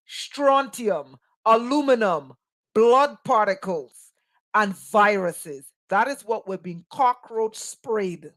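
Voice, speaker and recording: Emphatic woman, slow and pointed. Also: a little high, a bit bright. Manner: emphatic, rhetorical questions, sarcastic asides. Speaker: spiritual teacher. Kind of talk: impassioned spoken monologue.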